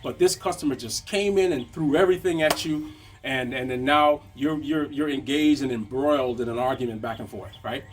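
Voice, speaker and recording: A man's voice: mid-range voice, a little fast, music in the background. A man teaching a conversational motivational lesson on business, checking in with frequent tag questions. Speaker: business coach.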